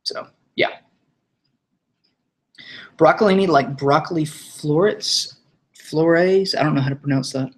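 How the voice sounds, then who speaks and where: A man's voice: on the high side, a little slow. A young man hosting a live stream, chatting casually, rambling, swearing and laughing while he sets up. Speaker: stream host.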